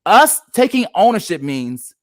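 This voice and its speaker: A man co-hosts a faith-based podcast with a high, lively voice that leaps around as he drives his points home. His delivery is emphatic and close to preaching. The sound is dry and close. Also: unhurried, dry recording. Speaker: podcast co-host. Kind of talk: faith-based casual discussion.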